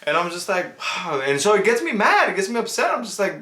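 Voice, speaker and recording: A young man co-hosting a couple's Q&A in casual chat, rambling and repeating himself with halting restarts. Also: high voice, very animated, bright, forceful tone. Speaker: co-host of couple Q&A. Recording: echoey room.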